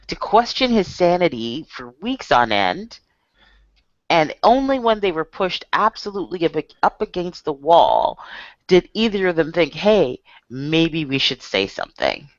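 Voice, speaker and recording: A woman's voice: on the low side, no echo. A woman co-hosting a podcast in casual chat, blunt and exasperated, swearing freely. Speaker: podcast co-host. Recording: muffled dry podcast audio.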